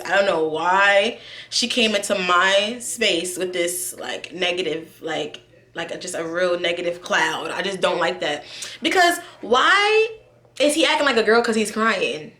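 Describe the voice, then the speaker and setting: Chatty New woman vlogger, bright tone, roomy echo; candid, talks straight to viewers. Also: medium pitch, expressive, moderate pace. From New York. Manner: chatty, candid, lots of fillers, addresses viewers directly. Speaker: YouTube vlogger. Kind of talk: casual chat to camera. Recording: echoey room.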